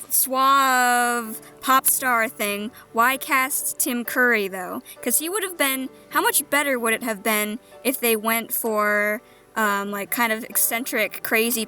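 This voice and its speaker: A woman's voice: fairly high pitch, pushed and bright. A woman co-hosting a movie review in casual chat, with dry, sarcastic remarks.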